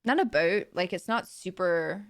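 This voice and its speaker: A woman's voice: fairly low pitch, expressive, normal speed. Chatty young woman streaming. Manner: chatty and rambling, full of "like" and "you know". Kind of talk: casual livestream chat.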